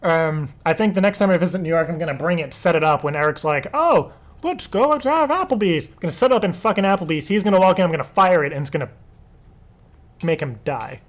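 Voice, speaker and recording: A man's voice: on the high side, quick pace. A young man hosting a live stream show, rambling casually with frequent laughter and swearing. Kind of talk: casual livestream chat.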